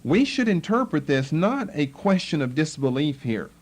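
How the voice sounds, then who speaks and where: A man's voice: a little high, big pitch swings, normal speed. A man teaching a Bible lesson, explaining the text and acting out the tone of the people he quotes. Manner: explanatory, acts out the tone of quoted speakers.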